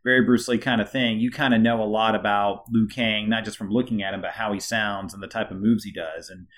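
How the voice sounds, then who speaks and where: A man's voice: on the low side, steady tone, brisk, fairly bright tone. A man co-hosting a podcast, talking thoughtfully and hesitantly with many fillers. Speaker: podcast co-host. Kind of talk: casual chat.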